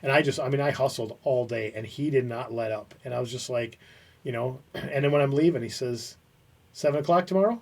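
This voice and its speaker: A man in his fifties hosting a casual podcast and telling an animated workplace story with frequent restarts. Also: mid-range voice, brisk, creaky, recorded from a distance. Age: 50s. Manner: animated anecdote teller with many restarts. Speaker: podcast host.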